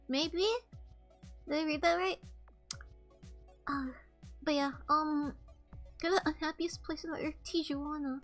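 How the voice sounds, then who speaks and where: Young female streamer, high pitch, rambling and candid, casual chat, faint music bed. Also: steady tone, measured pace, pauses often, fairly bright tone. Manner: rambling, candid storytelling with swearing. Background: faint background music.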